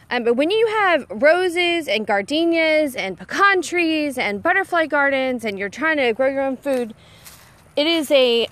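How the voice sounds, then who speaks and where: A homesteading vlogger from Texas, a woman in her thirties, chats casually in a garden while working outdoors on camera. She gives a bossy, self-teasing pep talk in a high, fairly bright voice.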